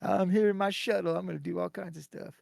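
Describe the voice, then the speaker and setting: Brief: gravelly, teasing male gamer, dry sound. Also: sits high, fairly even intonation, quick pace, darkish tone, dry recording. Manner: joking, teasing. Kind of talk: casual chat while gaming.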